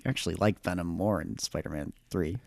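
A man's voice: sits low, fairly quick, gravelly, dry recording, studio quality. A man co-hosting a podcast, chatting casually about movies and hedging his opinions. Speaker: podcast co-host.

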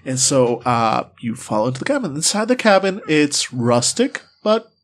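Halting man narrating as game master. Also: on the high side, very animated. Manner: rambling, halting narration with many fillers.

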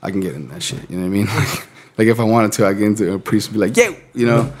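A man's voice: lowish voice, very fast. A man in his late twenties, co-hosting a podcast in a laid-back, casual way, swearing freely and laughing often. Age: late 20s. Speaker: podcast co-host.

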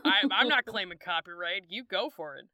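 A woman's voice: medium pitch, lively intonation, brisk, pushed and bright, dry recording, clean studio sound. A young woman co-hosting a podcast, cracking absurd jokes in casual chat. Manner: joking, absurd quips. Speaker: podcast co-host.

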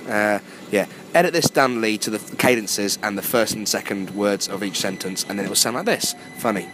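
Hoarse low-voiced man joking around. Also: fairly even intonation, fairly quick, background noise. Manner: joking, self-deprecating, rambling. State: hoarse, voice just returning. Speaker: comedy club MC and stand-up. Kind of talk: casual chat. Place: near a train line at night.

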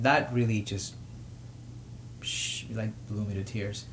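A man hosting his own show, giving personal commentary with emotion, pausing often and rising to indignation. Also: on the low side, fairly even intonation, slight background noise. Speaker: podcast host.

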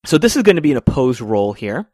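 Male game master, measured, descriptive narration, mid pitch. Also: very animated, darkish tone, dry recording.

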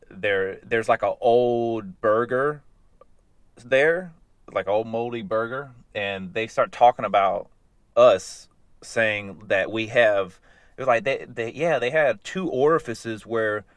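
A man casually recapping animated episodes in a loose, rambling way, chuckling as he goes. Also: lowish voice, clean tone, dry recording.

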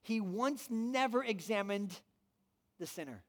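A man's voice: high-pitched, animated, unhurried. A man pastor preaching a sermon to a room, emphatic and full of rhetorical questions. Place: church room with an audience.

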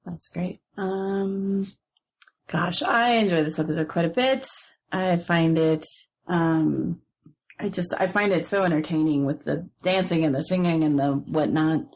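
A woman's voice: fairly low pitch, measured pace, darkish tone. A woman co-hosting a casual podcast chat, enthusiastic and giggly. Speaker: podcast co-host.

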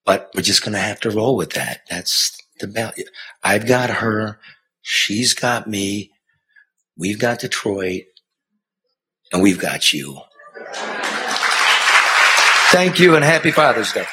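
Raspy, bright-voiced middle-aged man. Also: on the low side, expressive, a little slow. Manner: conversational, swings from hushed to impassioned. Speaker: former TV news reporter telling a personal story. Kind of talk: earnest spoken storytelling and banter.

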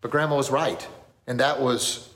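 A man's voice: medium pitch, fairly even intonation, normal speed, fairly bright tone, a little hiss or hum. Middle-aged guy rambling through a story, earnest, lots of restarts, regular mid-range voice. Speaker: martial arts school owner and podcast host. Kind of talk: casual storytelling.

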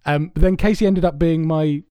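A man's voice: fairly high pitch, steady tone, normal speed, dark tone, clear, resonant tone, no room sound. A man hosting a podcast, rambling through his stories with plenty of swearing, amused at himself. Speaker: podcast host. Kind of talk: casual chat.

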